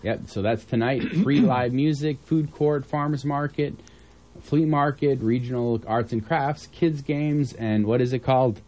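A man's voice: medium pitch, measured pace, darkish tone, highs cut off. A man from southern Illinois co-hosting community radio news, casual and joking, with rambling asides between listings. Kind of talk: casual on-air chat and listings.

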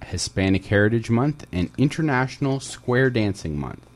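A man's voice: medium pitch, expressive, normal speed. A man co-hosting a community radio show in casual chat, joking and reading out listings. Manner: jokey, laughs often, reads listings. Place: radio studio.

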